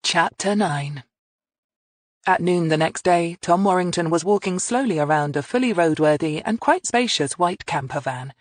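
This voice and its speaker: A measured audiobook narrator reading a crime novel, at a middling pitch. The sound is dry and close, with no room around it. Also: animated, no echo. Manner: measured storytelling.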